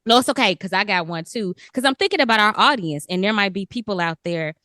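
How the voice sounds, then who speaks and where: A woman co-hosting a podcast interview, expressive and emotional. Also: mid-range voice, quick pace, no echo, clean studio sound. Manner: emotional, expressive, talks through tears. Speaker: podcast co-host. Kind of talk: casual interview chat.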